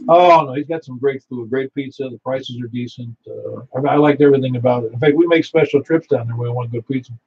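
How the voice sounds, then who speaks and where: A net control operator from Niagara Falls, New York, runs a ham radio net, chatting and telling stories and laughing easily. His mid-range voice is husky and a little mellow, moving at a quick pace with few pauses. The radio audio comes through muffled and lo-fi.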